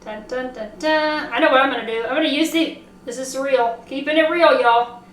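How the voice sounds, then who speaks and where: A woman with a Southern accent hosting a casual cooking demo, chatting excitedly and talking to herself as she works. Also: high-pitched, fairly quick, a little hiss or hum. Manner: chatty, excitable, talks to herself while working. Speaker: cooking show host. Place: home kitchen. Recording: echoey kitchen, mic at a distance.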